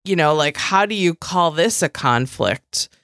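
A woman's voice: low voice, lively intonation, a little slow, fairly bright tone, no echo, clean studio sound. A woman co-hosting a podcast, chatting casually with lots of fillers and playful quoting. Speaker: podcast co-host. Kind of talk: casual chat recapping a reality show.

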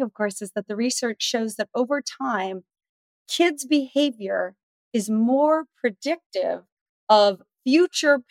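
Animated woman guest telling a story. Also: fairly high pitch, no echo. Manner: animated storyteller, acts out dialogue. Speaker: guest expert. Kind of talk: podcast interview.

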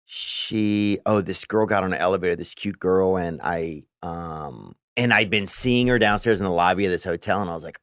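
A man co-hosting a podcast, telling stories in a rambling, halting way and often clearing his throat. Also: low voice, dry recording, studio quality. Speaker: podcast co-host. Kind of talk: casual chat.

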